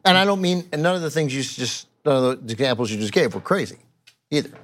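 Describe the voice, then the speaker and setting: Middle-aged man, co-host, halting and measured, mid pitch. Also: expressive, fairly bright tone. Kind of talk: casual political chat.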